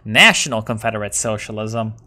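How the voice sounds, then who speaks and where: A man's voice: fairly low pitch, brisk. Joking, profane man playing a strategy game. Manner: joking, profane, excitable rambling. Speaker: video game player. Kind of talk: casual gameplay commentary.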